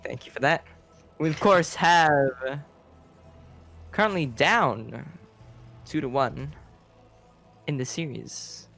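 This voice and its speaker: A man's voice: a little high, slow pace, vocal fry, pauses often, fairly bright tone, soft background music. A man casting a live video game match, joking and bantering with his co-caster. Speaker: esports caster. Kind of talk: casual live game commentary.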